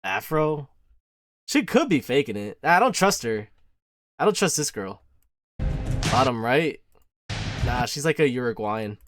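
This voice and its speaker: A man's voice: medium pitch, big pitch swings, measured pace, long pauses, fairly bright tone, soft background music. Brash man reacting with crude jokes. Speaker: reaction streamer. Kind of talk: casual reaction commentary.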